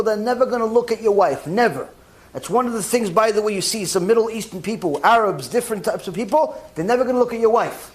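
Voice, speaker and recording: A man, a rabbi, giving a lively sermon and acting out little scenes with mock dialogue. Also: high voice. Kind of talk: sermon lecture.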